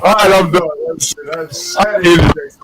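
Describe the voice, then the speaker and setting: A man doing live stand-up comedy, telling a loud, profane story and laughing at his own jokes. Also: fairly high pitch, fairly even intonation, brisk, very noisy.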